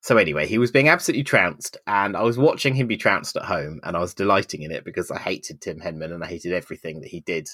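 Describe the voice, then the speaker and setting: A man's voice: deep voice, quick pace, hardly any pauses, slightly rough, no echo. A man in his forties co-hosting a casual podcast, telling a long anecdote in a dry, wry way. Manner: dry, wry anecdotes, acts out quoted voices loudly. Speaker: podcast co-host. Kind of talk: casual chat, storytelling.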